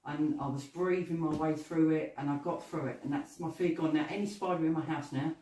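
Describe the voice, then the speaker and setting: A woman's voice: sits low, steady tone, brisk, mellow. Woman, guest, earnest, repeats words, echoey room, far mic. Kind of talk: casual chat.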